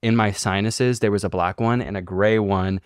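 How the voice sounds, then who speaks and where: Smooth low-voiced man telling a rambling story. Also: fairly even intonation, normal speed, dry recording, studio quality. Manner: rambling, profane, filler-heavy delivery. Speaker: podcast co-host. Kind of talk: casual podcast storytelling.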